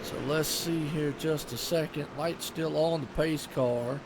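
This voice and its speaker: A man's voice: on the high side, unhurried, background noise. A man with a Southern US accent giving casual, rambling live commentary on a sim race and chatting with viewers.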